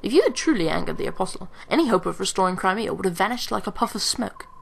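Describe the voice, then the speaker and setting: A woman voicing a calm, calculating young male strategist in a game, measured and lecturing. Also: mid-range voice, creaky, breathy edge. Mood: cold.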